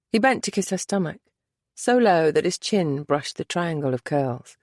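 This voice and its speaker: Low-voiced woman narrating a romance. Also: expressive, no room sound, clean studio sound. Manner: soft, measured, intimate. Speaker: audiobook narrator.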